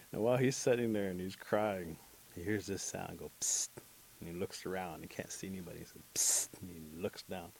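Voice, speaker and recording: Male storyteller, deep and gravelly, animated oral tale, faint tape hiss. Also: a little fast. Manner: animated, acts out characters' lines.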